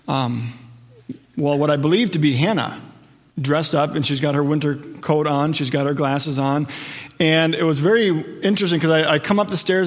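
The sound is big and roomy as a middle-aged male pastor, his voice a little high, delivers a sermon. He spins stories in an easygoing way, performing the quoted lines.

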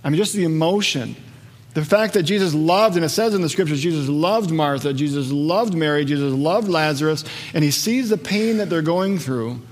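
A man's voice: fairly high pitch, moderate pace. A man preaching a sermon, telling stories with energy and acting out the voices of the people in them. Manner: lively storytelling, acts out voices. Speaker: pastor. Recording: long reverb of a large hall.

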